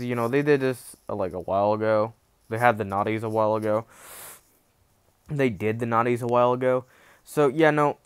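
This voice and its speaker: A man's voice: mid-range voice, clear, resonant tone. A young man casually retelling a fan-fiction story, rambling with many restarts and acting out the quotes.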